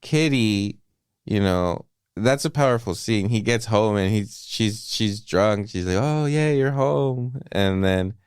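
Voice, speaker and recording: A man co-hosting a movie podcast, retelling film scenes in a casual, profane, animated way. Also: fairly low pitch, a little slow, clean tone, no echo, studio quality. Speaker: podcast co-host.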